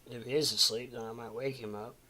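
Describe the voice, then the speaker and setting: A man's voice: medium pitch, steady tone, brisk, bright, forceful tone. A man in his forties from the Midwest, rambling casually at home as host of a livestream and answering chat. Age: 40s.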